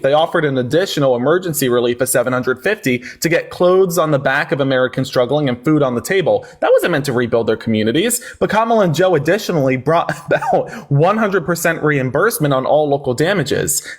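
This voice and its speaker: Sarcastic man hosting a live debate. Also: fairly high pitch. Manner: mocking, sarcastic, talks over the caller. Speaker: livestream debate host. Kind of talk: heated livestream debate.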